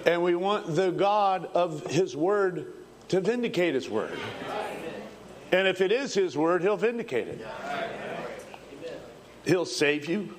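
A man preaching a revival sermon in a folksy, fervent manner, rising to shouts, on an old archival recording. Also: high-pitched, expressive, slow pace, pauses often, crowd noise.

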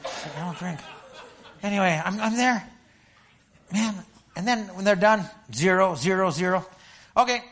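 Older man, pastor from Alberta, sermon, stammering restarts, slightly high voice. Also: normal speed, long pauses. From Alberta, Canada. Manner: stammering restarts, animated storytelling. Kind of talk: sermon with personal story.

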